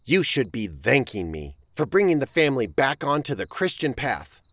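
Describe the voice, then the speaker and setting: A man's voice: medium pitch, big pitch swings, moderate pace, a bit bright, no echo, pitched above the performer's own voice. A man voicing a stubborn, defiant seventeen-year-old farm boy in a storybook reading. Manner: defiant, earnest arguing.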